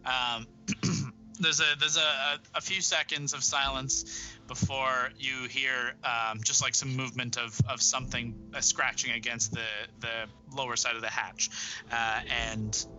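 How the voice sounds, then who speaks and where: A man narrating a tabletop game as game master, describing scenes in a halting way full of fillers. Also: medium pitch, fairly even intonation, bright, forceful tone, faint music behind, low-quality recording.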